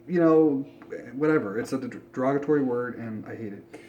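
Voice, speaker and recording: A man's voice: a little high, quick pace, darkish tone, a little hiss or hum. Blunt, profane man ranting. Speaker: sports fan vlogger. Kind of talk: casual ranting commentary.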